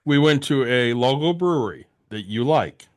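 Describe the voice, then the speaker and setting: A man's voice: medium pitch, animated, moderate pace. A man co-hosting a casual podcast chat, blunt and outspoken. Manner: blunt, outspoken, says he is loud. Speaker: podcast co-host.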